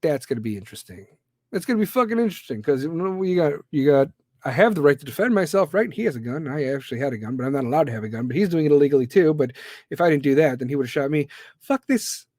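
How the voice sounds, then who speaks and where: A man's voice: medium pitch, very fast, dark tone, dry recording, studio quality. A man hosting a podcast, delivering a blunt, profane, heated rant. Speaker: podcast host. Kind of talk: ranting monologue.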